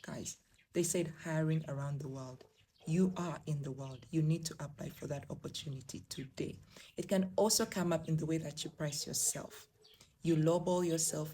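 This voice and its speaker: A woman's voice: sits low, steady tone, normal speed, mellow, a little hiss or hum. A young woman from Africa giving emphatic, encouraging career advice straight to her viewers in a vlog. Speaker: remote work vlogger. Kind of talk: direct-to-camera advice vlog.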